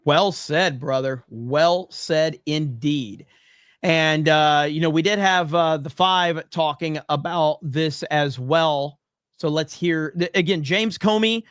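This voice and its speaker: A man's voice: a little high, takes it slowly, fairly bright tone, clear, resonant tone, no echo, clean studio sound. A man hosting a podcast, giving blunt, heated political commentary with plenty of swearing. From USA. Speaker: podcast host.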